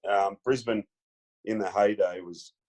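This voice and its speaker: A man's voice: on the low side, steady tone, unhurried, darkish tone. Laid-back Australian man telling stories. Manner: laid-back storyteller, many fillers, acts out quotes. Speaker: podcast guest, former footballer. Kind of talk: casual storytelling chat.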